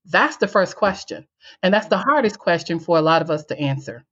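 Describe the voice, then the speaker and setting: Animated woman telling her story, lo-fi. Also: on the low side, brisk, breathy edge. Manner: animated storyteller who acts out her own past lines and laughs. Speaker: guest, coach and speaker. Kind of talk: storytelling interview.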